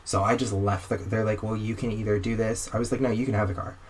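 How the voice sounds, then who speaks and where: Low-voiced young man telling a story. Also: quick pace, a little hiss or hum. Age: young adult. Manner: animated, acts out dialogue in quotes. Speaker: podcast guest. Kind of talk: casual storytelling.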